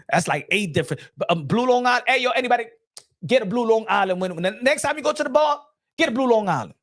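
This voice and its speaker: A man's voice: very high voice, lively intonation, fast, long pauses, a bit bright, dry recording, studio quality. A man hosting a boxing channel, talking in a casual, rambling monologue full of slang, restarts and emphatic repetition.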